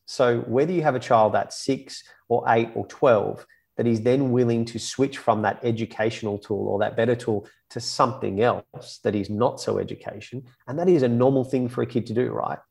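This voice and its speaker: Gravelly man explaining at length. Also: mid-range voice, moderate pace, a little mellow. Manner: explains in long runs, often tagging "right?". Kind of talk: casual podcast discussion.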